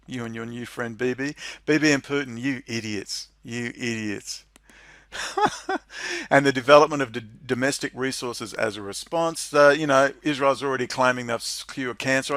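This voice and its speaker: In studio-quality audio without echo, a man reads out a policy document and tears into it with sarcastic commentary. This political vlogger has a bright, forceful tone and keeps breaking into high, mocking laughter.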